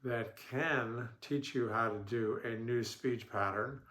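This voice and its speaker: A man speaking as a stuttering therapist, giving a calm instructional talk in slow, deliberate phrases with pauses and the odd throat-clear. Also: mid-range voice. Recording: echoey room.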